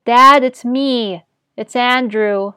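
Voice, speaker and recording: A tired young man speaks softly to reassure his family, as a woman reads his lines. The voice sits a little high and is recorded close and dry. He stays calm and steady in this storybook reading. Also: takes it slowly, smooth, no echo. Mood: gentle reassuring. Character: young adult son, weary and calm.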